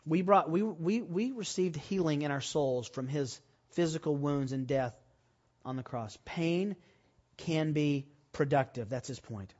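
A man preaching a sermon, telling a personal story and rising to loud, emphatic preaching. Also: on the high side, a little slow, muffled recording. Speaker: pastor.

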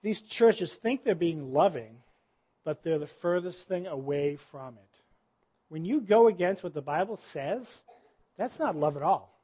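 A man's voice: high voice, animated, unhurried, dark tone, breathy edge, dull audio. A man preaching a sermon in a conversational style, full of rhetorical questions. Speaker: pastor.

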